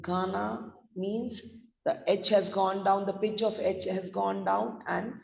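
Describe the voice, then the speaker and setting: A woman pronunciation trainer, teaching slowly and repeating words as drills, sometimes switching into Hindi. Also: mid-range voice, little pitch movement, gravelly, darkish tone. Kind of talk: classroom lecture. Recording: roomy echo from far off, dull audio.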